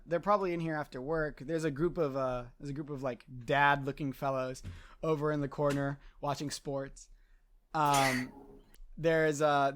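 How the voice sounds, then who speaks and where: A man's voice: on the high side, a bit bright. A man narrating as game master of a tabletop game, hesitant and full of fillers. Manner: hesitant, filler-heavy, laughs often.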